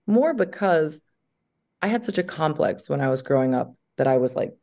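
A woman with a deep, low voice talks casually as an interview guest. She tells lively stories and acts out quotes in sudden bursts. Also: fairly quick.

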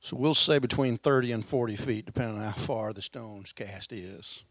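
Male preacher, folksy and emphatic, bright tone, dry close sound. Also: medium pitch, normal speed, no room sound. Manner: folksy, emphatic, swings between loud stresses and quiet asides. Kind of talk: lively sermon.

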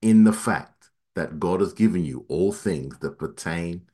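A man preaching a sermon, his voice climbing for emphasis and then dropping low and quiet, reading scripture at a quick clip. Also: lively intonation. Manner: dynamic preaching, voice rising high then dropping low and soft.

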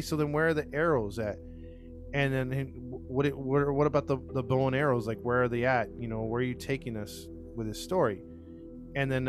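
A man casually retelling a crime case to co-hosts, acting out the quotes with lots of fillers and restarts. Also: mid-range voice. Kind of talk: casual storytelling chat.

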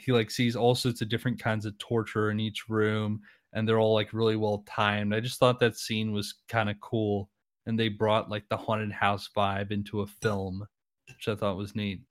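A man's voice: fairly low pitch, little pitch movement, normal speed, dry recording, clean studio sound. A man casually discussing a horror film, retelling scenes with lots of fillers.

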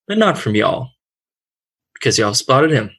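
Game master guy describing the scene, steady mid voice, unhurried. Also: mid-range voice, gravelly, breathy edge. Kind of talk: narrating a tabletop game.

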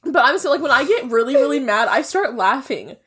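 A young woman co-hosting a casual chat, giggly and swearing freely as she tells animated stories. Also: high-pitched, fairly quick.

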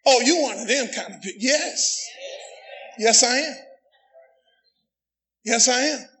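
Middle-aged pastor, a man with a very high, forceful voice who preaches loud and pushes for call-and-response. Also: slow, rough recording. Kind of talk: sermon.

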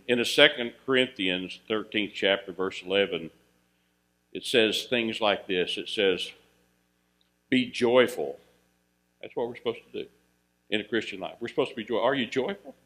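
A man's voice: pushed and bright, poor audio. A man preaching a sermon in a folksy way, asking his listeners questions and lifting his voice when he quotes scripture. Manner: rises in pitch and volume reading scripture, drops low for asides; folksy, asks the audience questions. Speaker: pastor.

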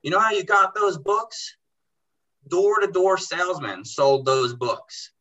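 Bright-voiced young man telling stories. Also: high voice, slow, lo-fi sound. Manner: animated, acts out dialogue in quotes, says bro and dude. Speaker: car detailing business owner. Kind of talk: casual storytelling in a podcast chat.

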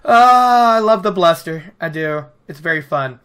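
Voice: medium pitch, lively intonation, a little slow, a bit bright, clean tone. A podcast host casually recapping a fantasy book chapter with chatty, enthusiastic asides.

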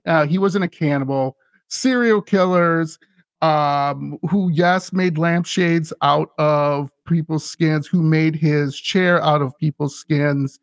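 Speaking slowly in a fairly high pitch, this male podcast host spins a story with eager enthusiasm, wandering and starting over many times. It's a casual chat, captured cleanly in a studio without any room sound.

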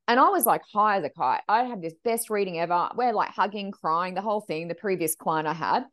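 A woman's voice: medium pitch, fairly quick. A woman who works as a medium, telling stories in a casual podcast chat and acting out the voices of people in them. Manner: animated, acts out quoted voices.

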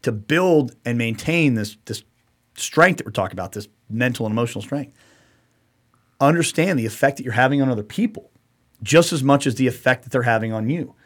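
A man's voice: mid-range voice, animated, a little fast. A middle-aged man hosting a casual podcast chat, blunt and profane, often slipping into quoted voices of other people. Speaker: podcast host.

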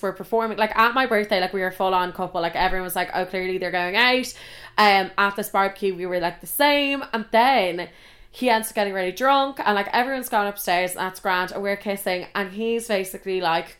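Young Irish woman, podcast host, chatty storyteller, sweary and expressive, mid-range voice with sudden high peaks. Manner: animated and expressive, swears a lot, jumps to high loud outbursts. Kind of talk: casual storytelling.

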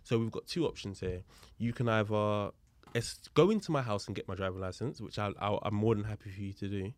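A man's voice: fairly low pitch, a little fast, dry recording. A man, a police officer, telling a story as a podcast guest, acting out both sides of a dialogue and explaining the legal points. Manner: lively retelling that acts out both sides of a dialogue. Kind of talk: casual storytelling in conversation.

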